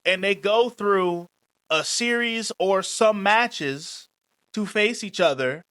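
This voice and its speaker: High-voiced man in casual podcast chat. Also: slow, bright, forceful tone, no room sound. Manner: laid-back, explains at length, mimics interviews. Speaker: podcast co-host.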